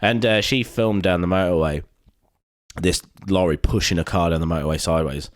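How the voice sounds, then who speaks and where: Lively British man with a low voice. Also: brisk, no room sound, studio quality. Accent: British English. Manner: animated storytelling, heavy swearing, acts out quotes. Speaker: podcast co-host. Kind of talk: casual chat.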